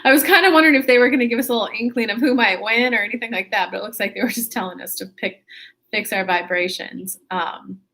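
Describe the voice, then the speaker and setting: A woman's voice: fairly high pitch, fast talker, bright, forceful tone. A woman hosting a casual spiritual livestream, chatty and upbeat, talking to viewers from her computer. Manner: chatty, upbeat, with laughs and self-corrections.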